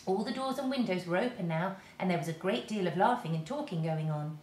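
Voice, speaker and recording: Lively woman reading a storybook aloud. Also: lowish voice, fairly quick. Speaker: teacher reading to a class. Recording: roomy echo.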